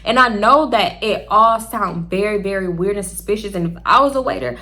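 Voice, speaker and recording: Bright-voiced young woman. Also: mid-range voice, a little fast. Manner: chatty, animated, swears freely, talks straight to viewers. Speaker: storytime vlogger. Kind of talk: casual storytelling to camera.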